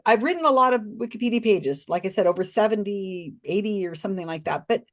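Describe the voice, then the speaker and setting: A woman guest on a podcast, telling a story expressively with many restarts and asides. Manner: expressive, swings pitch widely when recounting others; talks in quick restarts and asides. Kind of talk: animated storytelling in a casual interview.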